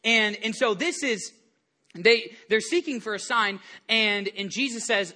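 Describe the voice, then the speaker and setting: A male pastor preaching a sermon to his church, animated and lively, stumbling over restarts and acting out the people in his stories. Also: high voice, unhurried. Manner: animated, acts out quoted voices, many restarts. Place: church service before a congregation.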